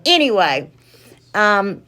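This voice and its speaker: A craft vlogger chats casually with her viewers while working through a craft project and unboxing, rambling from one thing to the next. Her medium-pitched voice is bright and forceful, slow, with big swings in pitch.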